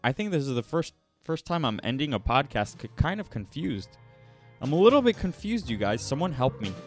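A man's voice: medium pitch, lively intonation, brisk, faint music behind. A man hosting a podcast, reacting to a clip with incredulous, sarcastic ranting. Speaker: podcast host. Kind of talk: casual reaction commentary.

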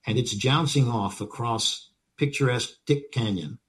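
A medium-pitched man speaks at a normal speed. He's an older actor and interview guest who tells stories in an animated, vivid way, acting out moments and repeating phrases for effect.

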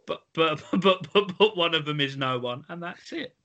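A man's voice: on the high side, moderate pace, bright, forceful tone. A man hosting a podcast quiz in casual chat, playful and giggly, often tripping over his words. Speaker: podcast host running a quiz.

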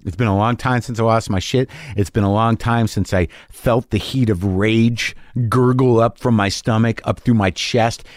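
A man's voice: lowish voice, dry recording. A middle-aged man hosts his own show and tells a raw story straight into a close mic. He swears freely and voices both sides of a heated argument. The sound is dry, with no room around him. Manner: profane, candid, acts out both sides of an argument. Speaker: podcast host and stand-up comic. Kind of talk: candid storytelling monologue.

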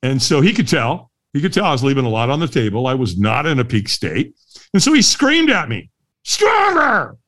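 Animated storyteller man, lively voice. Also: medium pitch, brisk. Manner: lively, laughs often, acts out the voices of others. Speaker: guest, firewalk instructor. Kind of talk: animated storytelling in a podcast interview.

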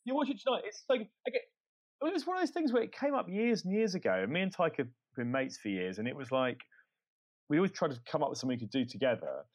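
A man who writes comedy, a podcast guest telling stories in casual chat, animated and full of quick restarts. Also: fairly high pitch.

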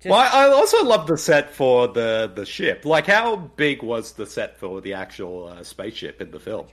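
A man's voice: mid-range voice, huge pitch swings, normal speed, a bit bright. An Australian man co-hosting a podcast, casual and jokey, laughing often while commenting on a film. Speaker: podcast co-host.

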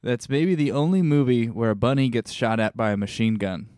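A man's voice: mid-range voice, fairly quick, a little mellow, dry recording, clean studio sound. A man co-hosting a podcast, chatting loosely about a movie scene with lots of "like" and restarts. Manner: rambling, hedging with "like". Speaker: podcast co-host. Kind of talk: casual movie chat.

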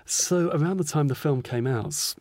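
A man's voice: fairly high pitch, animated, normal speed, darkish tone, no room sound. A man, an author interviewed as a guest, talking thoughtfully with many hesitations. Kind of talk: podcast interview.

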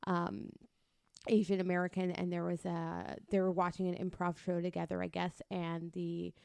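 Smooth-voiced woman chatting on a podcast. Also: lowish voice, little pitch movement, moderate pace, darkish tone, no echo. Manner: rambling, many fillers and restarts. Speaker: podcast co-host. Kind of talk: casual chat.

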